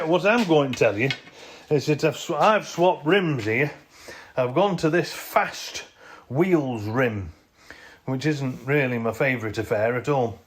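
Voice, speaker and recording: A man filming himself beside a jacked-up off-roader, talking through his work in a rambling, self-correcting way on a handheld camera. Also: mid-range voice. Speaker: vehicle owner showing his work. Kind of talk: casual hands-on how-to vlog. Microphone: handheld camera he films with himself.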